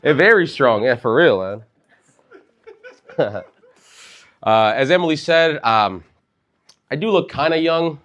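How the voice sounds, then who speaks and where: A man's voice: medium pitch, animated, slow pace, pauses often, fairly bright tone, dull audio. A man in his thirties from Chicago doing a loose, conversational stand-up set on a comedy club stage, dropping "like" and "bro" throughout. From Chicago, USA. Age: 30s.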